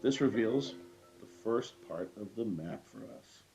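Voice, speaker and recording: A man hosting a game walkthrough, explaining step by step in a relaxed, casual way with frequent fillers. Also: lowish voice, a little slow, muffled recording, over loud music. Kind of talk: casual let's-play commentary.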